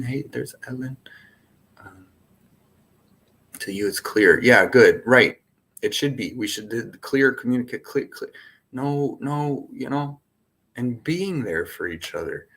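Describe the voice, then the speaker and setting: A man hosting a casual spiritual session, talking in a playful, rambling way and laughing often as he jumps between topics. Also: medium pitch.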